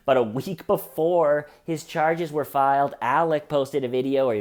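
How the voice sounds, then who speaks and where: A man's voice: on the high side, fairly even intonation, moderate pace, hardly any pauses, a little mellow. A man giving comedic true crime commentary in a sarcastic, jokey way.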